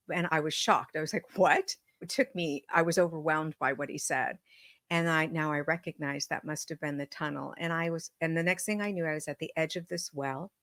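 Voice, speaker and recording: Low-voiced woman guest, earnest, unhurried storyteller, close dry mic. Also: fairly bright tone, no room sound. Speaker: podcast guest, medium and author. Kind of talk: storytelling in an interview.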